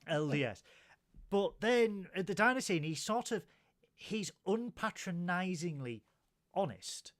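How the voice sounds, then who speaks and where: Higher-voiced man, animated movie chat. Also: measured pace. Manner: animated, retells scenes in quoted voices. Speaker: podcast host. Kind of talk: casual film review chat.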